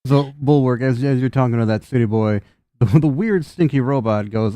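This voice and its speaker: A man's voice: medium pitch, moderate pace, mellow, no echo. A man running a tabletop game, talking casually and repeating words as he explains rules. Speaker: game master.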